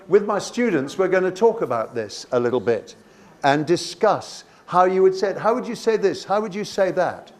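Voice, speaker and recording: A man's voice: high voice, animated, moderate pace, a little mellow. A man leading a teacher workshop, reading poem lines aloud and asking the room questions, with many restarts. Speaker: teacher trainer.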